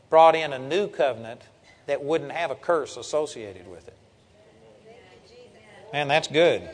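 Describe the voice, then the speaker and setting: A man's voice: on the high side, long reverb tail. An older man preaching a sermon, reading scripture and teaching with earnest emphasis.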